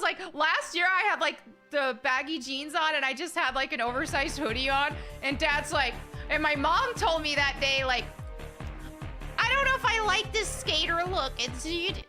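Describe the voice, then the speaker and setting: A woman hosting a live game stream, talking to her chat in a relaxed, rambling way. Her voice sits high and sounds bright, and she laughs easily between thoughts. Faint game music plays behind her. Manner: chatty and giggly, with frequent fillers and restarts. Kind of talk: casual live-stream chat, reading viewer messages.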